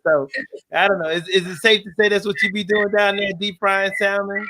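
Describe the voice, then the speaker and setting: A man from Texas hosting a casual live interview over a video call, chatty and quick to laugh as he tells stories. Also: sits high, flat delivery, pushed and bright, a little hiss or hum. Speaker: host.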